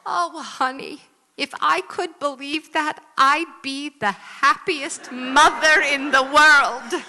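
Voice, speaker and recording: A plaintive, guilt-tripping older mother , as a woman puts her on in a live sketch, bright and a little high, drawing out her pleas. The voice rings with the long reverb of a hall. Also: animated, a little slow, heavily acted. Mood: nagging.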